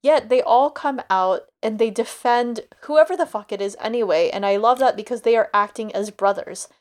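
A young woman co-hosting a book podcast in casual chat, animated and swearing freely. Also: fairly high pitch, moderate pace. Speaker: podcast co-host.

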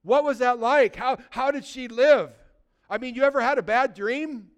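In a very high voice with a clean tone and moderate pace, a male pastor delivers his sermon. He keeps it animated and conversational, leaning on rhetorical questions and alternating loud emphasis with hushed passages.

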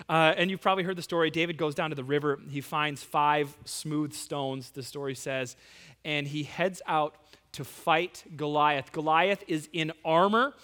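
Animated bright-voiced male preacher. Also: fairly high pitch, moderate pace, clean tone. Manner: animated storytelling, casual slang. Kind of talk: sermon. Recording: long hall reverb.

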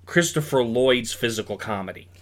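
A man's voice: mid-range voice, expressive, normal speed. A man co-hosting a podcast, casually walking through a film's plot and sizing up the acting. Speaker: podcast co-host. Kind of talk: casual chat reviewing a film.

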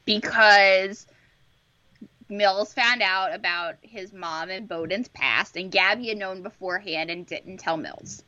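A woman's voice: mid-range voice, takes it slowly, bright, forceful tone, no room sound. A young woman co-hosting a fan podcast, upbeat and giggly, rambling as she chats. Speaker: podcast co-host. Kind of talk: casual fan podcast chat. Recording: dull, dry lo-fi mic.

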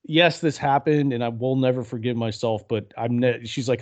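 A man's voice: mid-range voice, moderate pace, a little mellow. A man co-hosting a film podcast, casual chat about a movie, cursing freely and laughing along. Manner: swears freely, laughs often. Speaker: podcast co-host.

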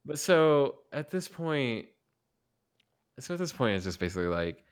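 A man's voice: mid-range voice, sing-song, normal speed, clean tone. A man with a Tennessee Southern accent, a podcast guest chatting casually in a loose, emphatic way with the odd swear. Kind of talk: casual chat.

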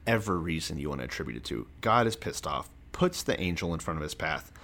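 A man's voice: extremely low pitch, animated, fast, vocal fry, a bit bright. A man co-hosting a podcast, chatting casually in a sardonic, profane, mocking way. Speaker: podcast co-host. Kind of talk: casual comedic chat.

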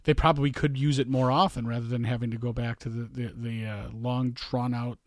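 A man co-hosting a podcast in casual chat, dropping dry, quick quips. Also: mid-range voice, little pitch movement, dry recording. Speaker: podcast co-host.

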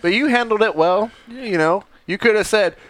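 Laughing, high-voiced man. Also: moderate pace, a bit bright. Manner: laughs often, acts out quotes in a mock voice. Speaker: podcast co-host. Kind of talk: casual chat.

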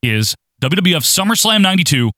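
A man's voice: high voice, sing-song, a little fast, pushed and bright, no room sound. A man hosting a casual podcast, talking in an upbeat, announcer-like way. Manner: upbeat, announcer-like sing-song intro. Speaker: podcast host.

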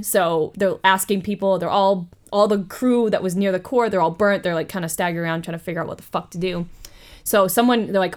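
Woman, podcast host, casual storytelling, animated, profane, mid-pitched. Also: brisk. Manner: profane, animated retelling with asides.

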